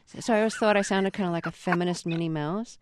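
A woman hosting a radio interview, asking questions in a measured, gentle way. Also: on the low side, background noise.

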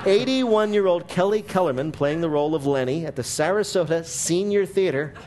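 A man hosting a comic news quiz, reading questions with a brisk, wry deadpan delivery. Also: sits high. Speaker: quiz show host.

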